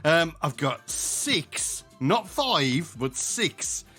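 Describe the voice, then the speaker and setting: A man's voice: fairly high pitch, big pitch swings, drawn-out words, pushed and bright, faint music behind. A man, co-hosting a gardening podcast as its expert, joking and laughing as he chats. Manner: jokey, laughing. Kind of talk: casual chat.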